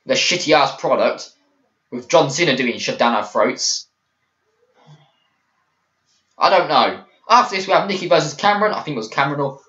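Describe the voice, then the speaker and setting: A man's voice: on the high side, a bit bright. A young man ranting about a show in an angry video review, swearing and restarting his sentences. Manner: heated, swearing, frequent restarts. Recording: echoey room, dull lo-fi mic.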